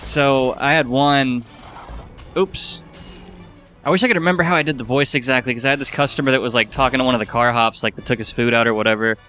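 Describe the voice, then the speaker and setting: A man chats over gameplay in an easygoing, wry way, tossing off dry comments. His voice sits at an ordinary pitch with a bright, forceful tone. Quiet game music runs behind him. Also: quick pace. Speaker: co-host of a let's play. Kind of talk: casual gaming commentary.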